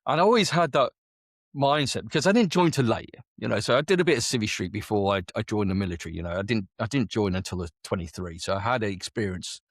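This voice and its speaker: In a casual interview, a UK man in his forties, an army veteran who now owns a business, chats through his story with plenty of quoted dialogue. His voice sits fairly low, with lively intonation and a quick pace. The studio sound is clean, with no echo.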